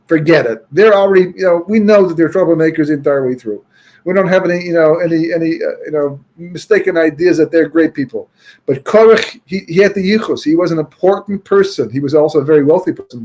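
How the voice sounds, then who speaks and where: Husky, higher-voiced man telling a story. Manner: chatty, frequent "you know" and restarts, peppered with Yiddish and Hebrew terms; grows loud and emphatic when arguing a point. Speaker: Torah speaker. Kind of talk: storytelling talk.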